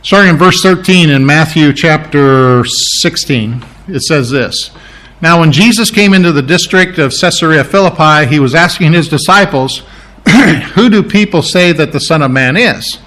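Man, pastor, conversational sermon, slightly high voice, self-correcting. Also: normal speed, fairly bright tone.

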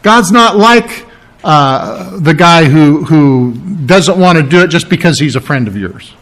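A man's voice: on the high side, lively intonation, measured pace, fairly bright tone. A male pastor preaching a conversational, emphatic sermon, often asking rhetorical questions.

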